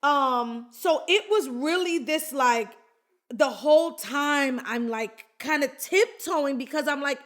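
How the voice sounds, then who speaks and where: A woman from the Bronx tells her own story on her podcast. She speaks slowly and candidly, in a slightly raised voice. She talks straight to her listeners like she's chatting with friends. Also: high voice, fairly bright tone. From the Bronx, New York. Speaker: podcast host. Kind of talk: personal storytelling.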